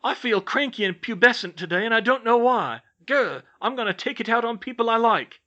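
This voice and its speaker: A man's voice: very high-pitched, animated, fairly quick, pushed and bright, muffled recording, pitched above the performer's own voice, heavily acted. A man voicing a moody teenage boy puppet who whines and grumbles in a comic puppet show. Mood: cranky. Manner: whiny, grumbling.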